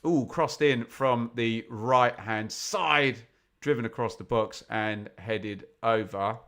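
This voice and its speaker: A man from England giving live football commentary on a fan watch-along, chatty and opinionated, with sudden bursts of excitement when chances come. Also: mid-range voice, slow. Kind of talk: live football commentary mixed with casual chat.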